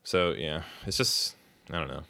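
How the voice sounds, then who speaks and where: A low-pitched man talks loosely on a podcast, wandering through his thoughts with plenty of swearing and bursts of laughter. His voice has a bright, forceful edge. It comes across smooth and resonant. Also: a little slow. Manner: rambling, swears often, laughs mid-sentence. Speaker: podcast co-host. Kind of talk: casual chat.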